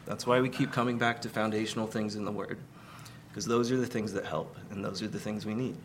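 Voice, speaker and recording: A man giving a conversational Sunday sermon, relaxed, with many fillers and light humor. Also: lowish voice, fairly quick, background noise. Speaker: preacher.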